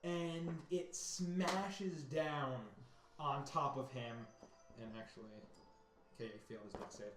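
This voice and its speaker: A man narrating as game master, animated, breaking into loud sound effects and voices. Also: a little high, takes it slowly. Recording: roomy mic with background music. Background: faint music.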